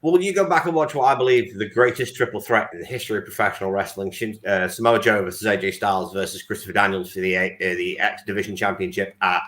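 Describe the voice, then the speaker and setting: A man's voice: fairly low pitch, quick pace, few pauses, a bit bright. A man co-hosting a casual podcast. He tells stories emphatically and confidently, like a fan who knows his subject. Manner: emphatic, knowledgeable storyteller. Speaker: podcast co-host. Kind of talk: casual chat. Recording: roomy echo.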